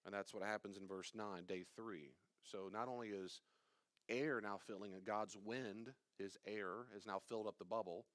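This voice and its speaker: A pastor talks through a Bible study in an easy, rambling way, often turning to quiz his listeners. His voice sits fairly low, and the sound is dry and close with little room. It plays as relaxed, informal teaching. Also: normal speed, no echo. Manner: conversational, digressive, quizzes his listeners.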